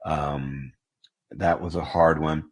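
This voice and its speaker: A man guest on a podcast, talking in a heartfelt, halting way, sniffling near tears and joking at himself. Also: rumbling low, fairly even intonation. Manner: heartfelt, halting, self-deprecating. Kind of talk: reflective conversational interview.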